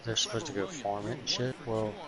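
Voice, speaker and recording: A man's voice: on the low side, fairly even intonation, fairly quick. A man chatting casually while playing a video game, rambling in slangy storytelling. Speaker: gaming video host. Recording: stadium crowd noise from the game.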